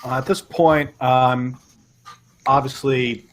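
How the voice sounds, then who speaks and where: A man playing a tabletop game, explaining his character's actions in a halting way with frequent restarts. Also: medium pitch, fairly even intonation, rough recording. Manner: halting, many restarts and repeats. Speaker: player. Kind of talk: casual tabletop play.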